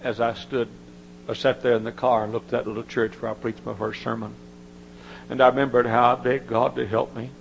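Older gravelly man preaching. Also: level tone, fairly quick, muffled recording, slight background noise. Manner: folksy storytelling, rising to high-pitched emotional quotes. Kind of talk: sermon.

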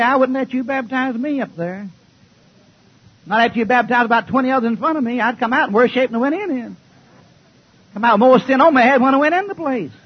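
An older man preaching a folksy, joking sermon, swinging between loud outbursts and low mutters. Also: slightly rough, lo-fi sound.

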